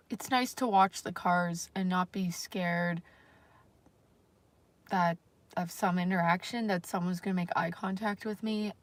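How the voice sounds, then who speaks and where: A woman's voice: lowish voice, steady tone, takes it slowly, long pauses, dry recording. Rambling, self-conscious woman vlogger. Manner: rambling, self-conscious, lots of fillers and swearing. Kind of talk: casual livestream talk.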